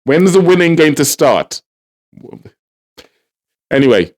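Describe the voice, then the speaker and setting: A man delivers fired-up political commentary. His voice sits a little on the high side, and he sounds worked up and fed up as he repeats his points with mounting exasperation. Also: very animated, measured pace. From Trinidad and Tobago. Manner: heated, repetitive, exasperated.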